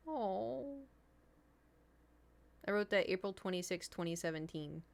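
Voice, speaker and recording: A woman's voice: on the low side, gravelly, a little hiss or hum. A young adult woman streaming, chatting casually with her viewers, rambling and laughing often.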